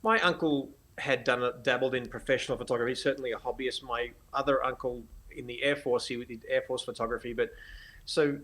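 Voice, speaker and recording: A man with an Australian accent, a photographer guest on a podcast, telling stories in an animated way and laughing often. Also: mid-range voice, fairly quick. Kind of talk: casual interview storytelling.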